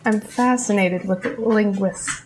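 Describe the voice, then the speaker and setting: Woman guest, playful, laughs a lot, casual chat, mid pitch. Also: steady tone, takes it slowly, noisy background. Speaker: guest, psychologist.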